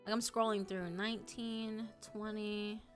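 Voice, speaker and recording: A young woman streaming live, chatting casually and emotionally, swearing often and swinging between loud outrage and low dejected mumbling. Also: level tone, a little slow, faint music behind. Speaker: streamer reacting to a story.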